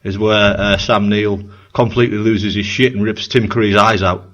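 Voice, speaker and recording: A man co-hosting a casual chat over a video call, sweary and excitable, often repeating himself. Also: lowish voice, moderate pace, highs cut off. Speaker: podcast co-host.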